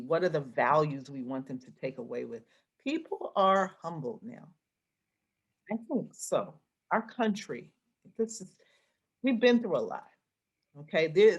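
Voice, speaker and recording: A woman guest in an interview, an arts association president, speaking reflectively and thinking aloud with restarts. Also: low voice. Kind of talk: conversational interview.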